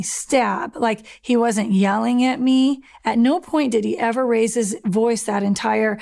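Woman survivor, interview testimony; slightly high, gravelly, earnest retelling. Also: darkish tone. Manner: earnest, reliving events, with plain spoken retelling. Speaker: survivor telling her story.

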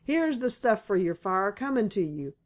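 A woman's voice: medium pitch, very animated, moderate pace. Cheerful old-time pioneer father, patient explainer, woman reading him aloud, audiobook.

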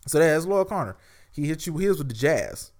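A man's voice: on the high side, very animated, brisk, darkish tone. Casual rambling man reviewing music. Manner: rambling, filler-heavy, restarts and asides. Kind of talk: casual spoken album review.

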